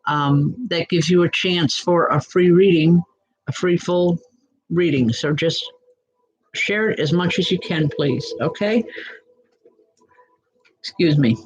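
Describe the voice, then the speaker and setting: A woman acting as a reverend and psychic medium, giving live readings in a gentle, reassuring way and calling viewers by name, with many "um" fillers. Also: lowish voice, slow pace, long pauses, husky, muffled recording.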